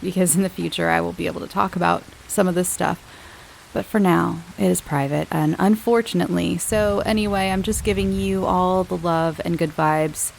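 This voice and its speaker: Woman podcaster, low gravelly voice, rambling casual chat, faint hiss behind. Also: fairly even intonation, moderate pace, rough recording. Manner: chatty, rambling, laughs often. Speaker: podcast host.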